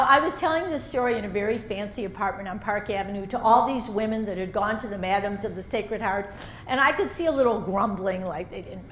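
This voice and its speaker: Older woman telling lively stories. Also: on the high side, a little hiss or hum. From Chicago, USA. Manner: animated anecdotal storyteller. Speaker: author giving a talk. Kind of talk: storytelling talk to a live audience. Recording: roomy echo, faint ambience.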